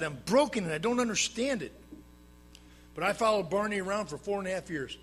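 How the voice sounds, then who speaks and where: A man telling his own recovery story to a live audience at a meeting, plain-spoken with dry humor, swinging between loud emphatic bursts and low hushed asides. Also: slight background noise.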